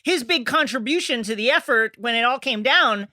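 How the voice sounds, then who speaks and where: A man co-hosting a casual movie podcast, talking in an animated way. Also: extremely high pitch, moderate pace, no room sound, studio quality. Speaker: podcast co-host.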